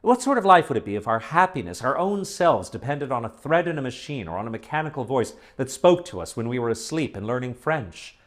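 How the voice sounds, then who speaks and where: A man's voice: mid-range voice, very animated, brisk, few pauses, voice pushed up, natural voice. A man voicing an anxious, tender young woman who speaks in earnest, pleading questions.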